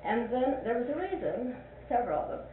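A woman's voice: a little high, big pitch swings, a little fast, far from the mic. An older woman leads a church Bible class, asking question after question and repeating her points for emphasis. Her folksy voice rings through a roomy space. The recording is thin and phone-like, with a faint hiss underneath. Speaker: Sunday school teacher. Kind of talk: leading a Bible class discussion.

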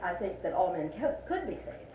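Leading a Bible class discussion, an older Sunday school teacher speaks briskly in a fairly low voice with big pitch swings, picked up by a distant mic. She fires off questions and repeats points for emphasis, her folksy voice echoing in a roomy space. The sound is thin and phone-like with faint hiss.

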